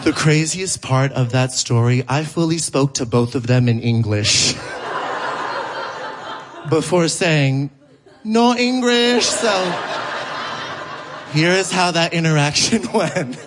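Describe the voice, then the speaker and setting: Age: adult. Sex: man. Style: lively live stand-up comedy. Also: measured pace, few pauses. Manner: animated storytelling that jumps high for quoted voices; laughs through his punchlines. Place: theater stage before a live audience.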